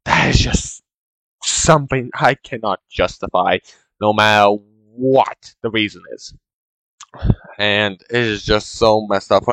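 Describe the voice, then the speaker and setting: A man's voice: on the low side, measured pace, fairly bright tone, dry recording, poor audio. A man in a casual, rambling monologue, complaining in an exasperated way to his chat as a streamer.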